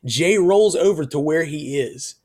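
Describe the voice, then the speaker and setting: A middle-aged worship musician telling a personal story in an interview, earnest and emotional, his voice going soft when he speaks of faith. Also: a little high, animated, unhurried.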